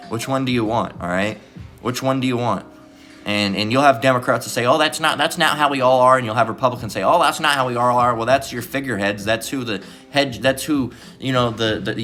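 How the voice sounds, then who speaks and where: Low-voiced man in a profane, rambling sermon. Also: a bit bright. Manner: profane, digressive, constant "all right?" tags. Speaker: self-styled bible teacher. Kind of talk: rambling casual scripture commentary.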